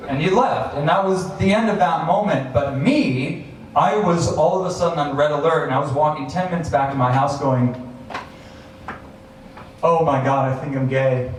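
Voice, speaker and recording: A man's voice: fairly high pitch, fairly quick, a crowd in the background. A man in his thirties tells a personal story to a live audience, acting out his own past thoughts with chuckles. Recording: very echoey, distant, faint hiss.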